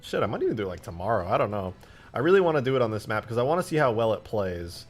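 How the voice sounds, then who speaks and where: Male streamer, lowish voice, loose profane chat, faint music underneath. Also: sing-song, very fast. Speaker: game modder streaming live. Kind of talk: casual livestream chat while modding.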